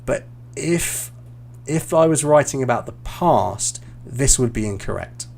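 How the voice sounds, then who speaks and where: A British man teaching English exam writing, explaining slowly and repeating key words for learners. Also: mid-range voice, lively intonation, creaky, darkish tone. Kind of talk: online teaching walkthrough.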